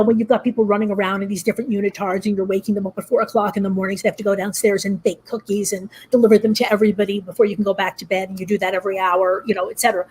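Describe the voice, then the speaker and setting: Husky-voiced woman hosting a podcast. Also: medium pitch, a little mellow. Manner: chatty, agreeable, many "right"s. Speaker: podcast host. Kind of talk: casual podcast discussion.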